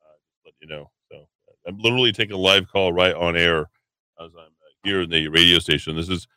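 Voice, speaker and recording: A man's voice: low-pitched, fairly even intonation, fairly quick, pushed and bright, clear, resonant tone, no echo. A man hosting a talk radio show from a station studio, rambling opinionated monologue full of hesitations and restarts.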